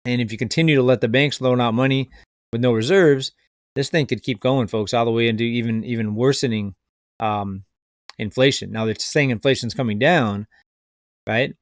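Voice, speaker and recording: Brief: male finance commentator, mid-pitched, skeptical and rambling, close dry mic. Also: normal speed, no room sound. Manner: skeptical, rambling, addresses viewers as folks. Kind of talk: casual video commentary.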